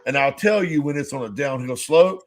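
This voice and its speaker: A man's voice: fairly high pitch, a little fast. A man co-hosting a casual podcast chat, rambling through stories, acting out both sides of conversations and swearing freely. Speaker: podcast co-host.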